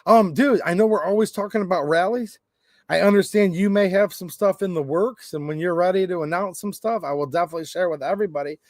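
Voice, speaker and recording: A man's voice: high-pitched, fast, darkish tone, dry recording, studio quality. A man hosting a livestream, chatting casually in a rambling, joking way and reading out comments from the chat. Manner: rambling, jokey, reads chat aloud. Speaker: gun rights channel host.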